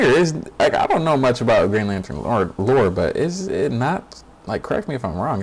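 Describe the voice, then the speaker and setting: A man's voice: mid-range voice, very animated, normal speed, breathy edge. A man hosting a stream, giving casual reaction commentary in a blunt, profane and mocking way, laughing often. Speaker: streamer host.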